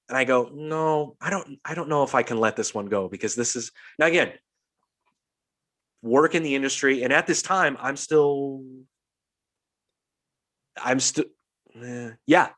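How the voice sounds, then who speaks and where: A young man hosting a casual podcast tells a long story with a lot of life, acting out each voice and cursing freely. His voice sits at an ordinary pitch for a man. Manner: animated storyteller, swears freely, acts out quotes. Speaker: podcast host.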